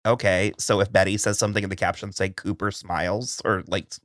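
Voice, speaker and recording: A man's voice: low-pitched, little pitch movement, fairly quick, a bit bright, no room sound, studio quality. A man co-hosting a casual TV recap podcast, frank and exasperated, often restarting his sentences. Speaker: podcast co-host.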